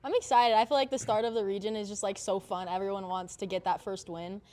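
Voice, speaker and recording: A woman's voice: mid-range voice, steady tone, fast, darkish tone. A young woman of about twenty from Utah, a college volleyball player, answering in a laid-back way with short answers and fillers. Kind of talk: casual interview.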